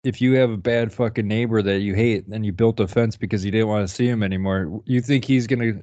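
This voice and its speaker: Man, podcast co-host, lowish voice, rambling and profane, dry dull lo-fi recording. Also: fairly even intonation, brisk, mellow, dry recording. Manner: rambling, swears often, laughs. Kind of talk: casual profane chat.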